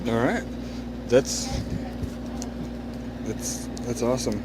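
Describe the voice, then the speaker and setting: A man's voice: mid-range voice, expressive, takes it slowly. A man interviewing a band for a magazine, asking short questions in a laid-back, brief way. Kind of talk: casual interview. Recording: noisy street background.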